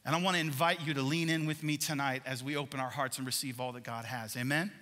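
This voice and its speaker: Bright-voiced man preaching in a church hall. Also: medium pitch, fast. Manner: animated, asks the congregation questions. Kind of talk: sermon. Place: large church worship center. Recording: long hall reverb in a church.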